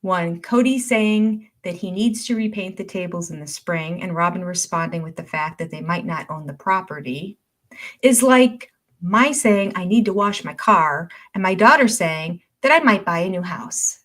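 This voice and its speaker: A woman's voice: fairly low pitch, normal speed. An older woman hosting a casual livestream, reading viewer comments aloud and often laughing as she goes. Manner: chatty, warm-hearted and easily amused.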